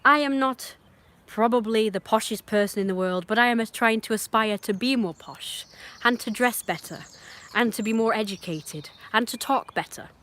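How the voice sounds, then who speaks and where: A woman's voice: on the high side, normal speed, a bit bright. Opinionated woman with a northern English accent. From northern England. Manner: opinionated, emphatic ranting. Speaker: livestream host. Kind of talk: casual livestream monologue.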